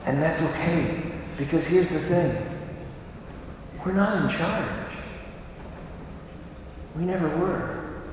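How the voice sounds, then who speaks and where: Slowly and with frequent pauses, a preacher with a fairly high, lively voice asks rhetorical questions and repeats phrases for emphasis in a conversational sermon. He sounds far away in an echoey hall amid background noise.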